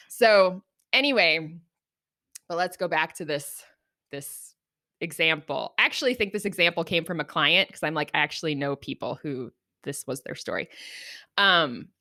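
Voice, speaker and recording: A middle-aged woman co-hosting a podcast, talking earnestly and reflectively, lively when she acts out everyday examples. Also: deep voice, normal speed. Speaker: podcast co-host. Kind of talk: reflective conversational podcast talk.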